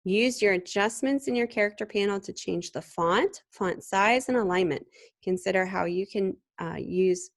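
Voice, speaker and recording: Gravelly-voiced woman teaching a software tutorial. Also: mid-range voice. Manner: relaxed, conversational, with frequent ums and restarts. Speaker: design instructor. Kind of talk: screen-recorded software tutorial.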